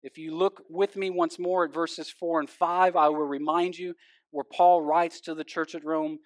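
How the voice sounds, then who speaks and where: A male pastor giving a sermon, swinging from loud emphasis down to hushed, intense passages. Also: on the high side, flat delivery, moderate pace, no echo, clean studio sound.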